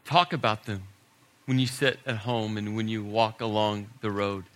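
A middle-aged man preaching a sermon as a pastor, telling stories and building to emphatic points before dropping his voice low. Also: fairly even intonation, normal speed. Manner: storytelling preacher, rising to emphasis then dropping soft.

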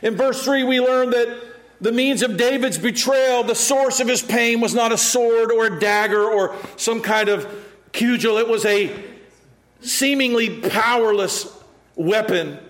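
A middle-aged man preaching a sermon, acting out quotes and swinging from loud calls to hushed, quiet passages. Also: extremely high pitch, a little slow. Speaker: pastor.

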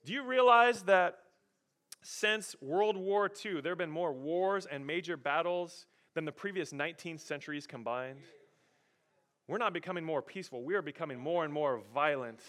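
A man pastor preaching a sermon, animated and emphatic, rising and falling in volume. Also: on the high side, moderate pace.

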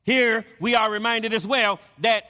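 A man's voice: high voice, steady tone, a little slow, pushed and bright, long reverb tail. A man preaching a sermon, emphatic, often stammering and repeating his words.

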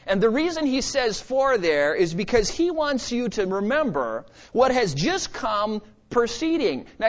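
A man preaching an expository sermon, emphatic, with dramatic pauses and sudden soft asides. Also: high voice. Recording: slightly dull lo-fi sermon recording.

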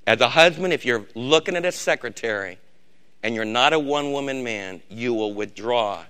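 An animated older pastor, speaking at normal speed with a clean tone, preaches a sermon that moves between loud exhortation and quiet emphasis. He repeats words to add weight.

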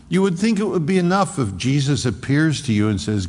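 A man preaching a verse-by-verse sermon, who acts out the dialogue with a lifted, animated voice. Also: medium pitch, moderate pace, hardly any pauses. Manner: animated, acts out Paul's pleas in a raised voice. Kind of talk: expository sermon. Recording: long hall reverb.

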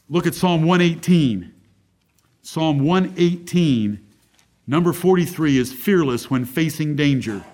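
A man with a high-pitched voice preaching a sermon. He speaks emphatically and presses his points with one rhetorical question after another. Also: darkish tone. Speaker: pastor.

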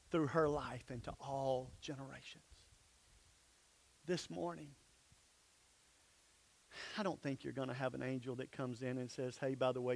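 A pastor preaching a sermon in a church, emphatic, sometimes dropping to soft, low asides. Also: male voice, creaky.

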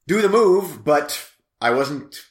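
A man's voice: fairly high pitch, animated, slow pace. Rambling man in an echoey room. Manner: rambling, self-interrupting, laughs easily. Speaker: podcast co-host. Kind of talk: casual chat, movie review.

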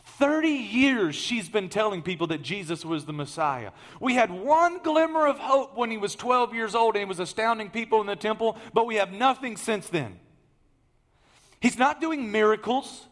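Delivering a sermon in a high-pitched voice, a preacher recounts a story with energy, moving from loud, emphatic moments to quiet asides.

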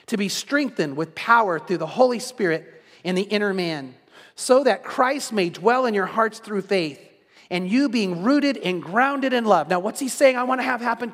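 A man's voice: high-pitched, a bit bright. A middle-aged man preaching a sermon as a pastor, earnest and repetitive, often restarting his words. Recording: long hall reverb.

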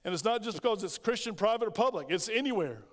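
A man's voice: high-pitched, expressive, fast talker. A man preaching a sermon as pastor, firing off rhetorical questions and acting out scripture quotes. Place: church sanctuary. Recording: long hall reverb.

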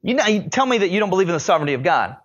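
A man with a high, light voice delivers a sermon in a loose, conversational way, dramatizing the story as he goes. The recording sounds a little muffled and dull. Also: big pitch swings, very fast. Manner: conversational, dramatic retelling with acted quotes. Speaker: pastor.

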